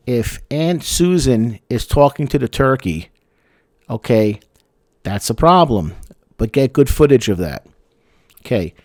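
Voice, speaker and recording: A man's voice: mid-range voice, darkish tone, no room sound. A sarcastic male therapist giving advice. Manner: sarcastic, emphatic repetition. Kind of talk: advice talk to camera.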